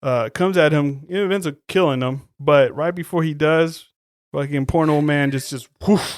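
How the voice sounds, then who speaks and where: A man's voice: fairly high pitch, normal speed, no room sound, studio quality. A man co-hosting a podcast in casual chat, swearing a lot and acting out lines as he retells scenes. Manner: profane, animated storytelling, acts out quotes. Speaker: podcast co-host.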